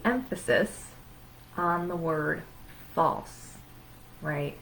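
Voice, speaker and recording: A woman therapist explains anxiety in an emphatic educational talk. Her voice sits fairly low for a woman, and she strings words together in rhythmic runs, with faint background noise. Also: lively intonation, very slow, pauses often, a bit bright, rough recording.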